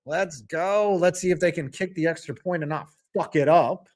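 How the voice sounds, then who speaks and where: A man streaming a live football reaction, excitable and rambling, swinging from loud outbursts to low mutters. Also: moderate pace. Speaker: sports streamer.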